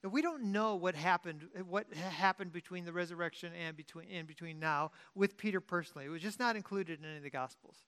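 Talking quickly with few pauses and a clean tone, a pastor preaches in an informal teaching style. His delivery jumps from loud, forceful stress to soft, low-key asides, and he frequently breaks off sentences to restart or fix them.

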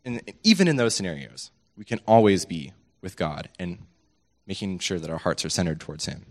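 A man's voice: deep voice, expressive, fairly quick, darkish tone. A man giving a short, earnest devotional talk and introducing the next speaker. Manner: earnest and enthusiastic. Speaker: lay speaker introducing the preacher.

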